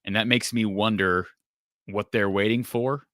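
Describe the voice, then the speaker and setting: A man's voice: fairly low pitch, fairly even intonation, unhurried, fairly bright tone, dry recording, studio quality. A man hosting a live call-in sports show, chatting loosely and thinking aloud with plenty of fillers. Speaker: show host.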